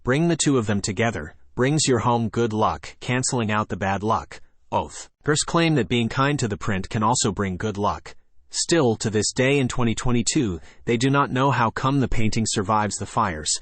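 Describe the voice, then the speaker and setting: A man reading a first-person horror story in a plain, even narration. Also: fairly low pitch, moderate pace, no echo.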